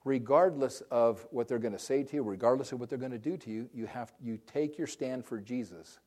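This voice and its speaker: Mellow-voiced man preaching with passion. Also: mid-range voice, a little fast. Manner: impassioned storytelling with frequent restarts and repeated words. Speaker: pastor. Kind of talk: sermon.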